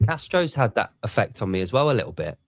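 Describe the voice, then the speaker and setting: A man's voice: fairly low pitch, sing-song, quick pace. Rambling man chatting casually. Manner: rambling, laughs often, many restarts. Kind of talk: casual chat.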